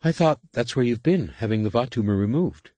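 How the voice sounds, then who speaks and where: A fretful, servile alien adept, as a man reads her in a sci-fi audiobook voices worried objections in a raised, anxious tone. The voice stays husky, the recording dry and close. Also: mid-range voice, animated, brisk, mellow, no echo, pitched above the performer's own voice, natural voice. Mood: earnest. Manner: deferential, worried pleading.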